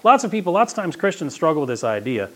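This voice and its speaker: Guy preaching, chatty and emphatic, voice a bit high and bouncing all over. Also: quick pace. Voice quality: conversational, animated, emphatic. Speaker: pastor. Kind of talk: sermon.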